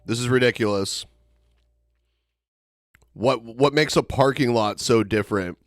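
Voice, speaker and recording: A man's voice: mid-range voice, unhurried, no echo. A man hosting a podcast, reacting to clips with dry, sarcastic retorts. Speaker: podcast host.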